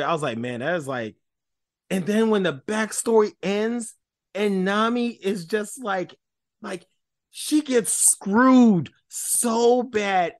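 A man co-hosting a casual pop-culture podcast, talking in an expressive, slangy, emphatic way. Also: no echo, studio quality. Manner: expressive, slangy, emphatic, drops into low quoted asides. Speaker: podcast co-host.

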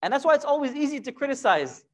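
A man's voice: very high voice, fast talker. Man teaching a Quran lesson. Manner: animated, acts out imagined voices, rhetorical questions.

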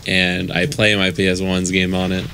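A man's voice: deep voice, monotone, moderate pace, sharp tone, a little hiss or hum. A man in casual banter with friends, blunt and swearing freely. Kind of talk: casual banter between players.

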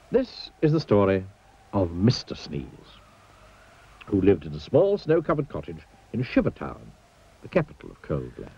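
A man narrating a children's storybook in an expressive, playful sing-song manner. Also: fairly low pitch, slightly rough, lo-fi sound.

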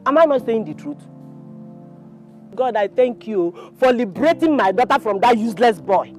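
A boisterous Nigerian mother, played by an actress bursts out in song and shouts. Her voice is high and swings widely. A faint film score plays under her. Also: expressive, moderate pace, soft background music, lightly acted. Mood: jubilant. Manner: boisterous, singing and dancing, shouting. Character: loud jubilant Igbo mother, middle-aged. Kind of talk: Nollywood film acting.

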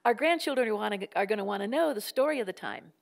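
A woman's voice: mid-range voice, lively intonation, quick pace, creaky. An older woman giving a public lecture, impassioned and building her points through rhetorical questions and repetition.

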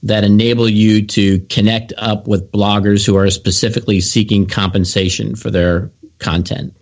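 A man's voice: on the low side, flat delivery, normal speed, highs cut off. A man hosting an interview who puts questions to his guests. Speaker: interview host. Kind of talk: casual interview talk.

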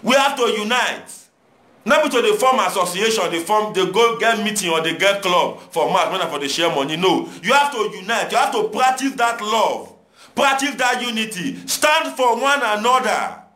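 Nigerian pidgin guy preaching at the camera, highish voice, echoey room. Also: expressive, moderate pace, pushed and bright. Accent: Nigerian Pidgin English. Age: young adult. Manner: preachy, exhorting, repetitive rhetoric. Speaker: commentator addressing viewers. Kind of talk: impassioned monologue.

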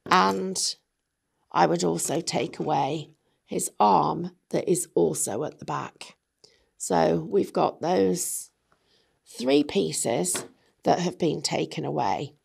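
Chatty woman with a gravelly voice. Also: sits low, a little mellow. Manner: chatty, jokey, self-correcting. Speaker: craft demonstrator. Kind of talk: casual product demonstration.

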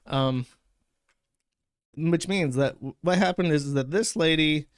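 A man's voice: on the high side, unhurried, clear, resonant tone, no room sound. Male host, sarcastic swearing commentary, dry recording. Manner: sarcastic, profane. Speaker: show host. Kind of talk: casual commentary rant.

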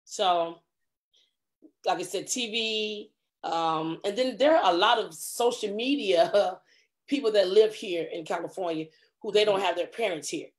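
A middle-aged woman, a comedic actress, telling stories in a casual interview and acting out quotes with lively voice jumps. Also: mid-range voice, a little slow. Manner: animated, acts out quotes with big voice jumps.

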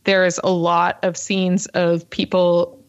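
Fast-talking woman podcast co-host. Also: fairly low pitch, completely flat delivery, muffled recording. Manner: fast-talking, lots of ums and uhs. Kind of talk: casual podcast storytelling.

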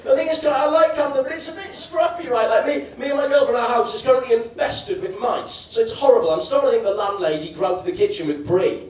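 High-voiced geordie guy doing stand-up, far off mic in a booming room, crowd laughing. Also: fast, hardly any pauses, a little mellow. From Newcastle, England. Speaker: stand-up comedian. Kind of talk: stand-up routine. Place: comedy club stage. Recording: very echoey club from far off, audience laughter.

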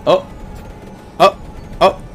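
A man's voice: very slow, fairly bright tone, soft background music. A man streaming a game live, chatting casually and teasing his viewers in a playful way.

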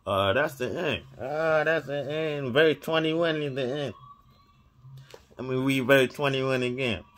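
A man reads a chapter of scripture aloud at an unhurried, halting pace. His voice sits at an ordinary middle pitch, and he names every comma and period in a quieter, lower murmur. When he trips over a word he calmly goes back and rereads the verse. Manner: deliberate, reads out punctuation marks in a low murmur; rereads verses after stumbles. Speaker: scripture reader. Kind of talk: slow Bible reading aloud.

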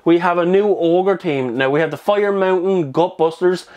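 A man hosts a casual hobby news video in a slightly high voice. He rambles with ums and restarts, a little out of breath. He talks straight into a desk microphone. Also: normal speed, a little mellow, lo-fi sound. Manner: chatty, rambling, with fillers and restarts.

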